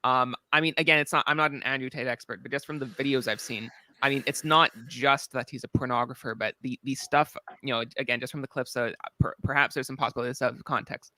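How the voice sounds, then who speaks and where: A man's voice: mid-range voice, steady tone, fast, sharp tone, no room sound. A man hosting a stream discussion, hesitant and questioning, with many restarts. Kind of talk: casual chat.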